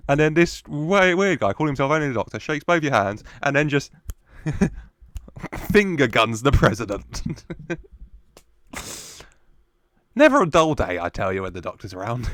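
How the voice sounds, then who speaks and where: A man's voice: mid-range voice, very animated, a little slow, long pauses, fairly bright tone, no room sound, studio quality. A young man casually commenting on a TV episode, chatty and playful with frequent laughter. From United Kingdom. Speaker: reaction video host.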